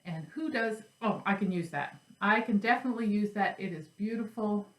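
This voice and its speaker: A woman's voice: mid-range voice, a little fast, a bit bright. Chatty woman in an echoey craft room. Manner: chatty, rambling, self-deprecating. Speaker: flosstube host. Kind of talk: casual chat about crafts.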